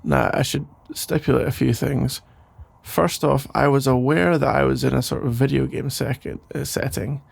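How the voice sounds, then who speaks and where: A man voicing a caring boyfriend who rambles playfully in a soft sleepy voice, in a whispered role-play. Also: mid-range voice, fairly even intonation, normal speed, gravelly, breathy edge. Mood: teasing. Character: caring, rambling boyfriend putting partner to bed. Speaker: ASMR role-play creator.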